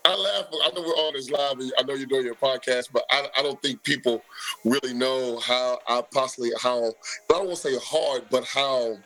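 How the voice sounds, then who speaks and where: A church leader speaking as a guest in a casual, preaching way, deliberate and emphatic, repeating key phrases, with a slight Southern US accent. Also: male voice, mid-range voice, fairly bright tone, rough recording.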